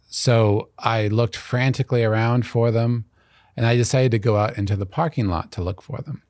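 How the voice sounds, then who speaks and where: A man's voice: lowish voice, darkish tone, dry recording, studio quality. A man in his fifties from Arizona, hosting and earnestly telling his own childhood nightmares, livening up as he retells each scene. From Arizona, USA. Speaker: host. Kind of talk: reflective personal storytelling. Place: college campus.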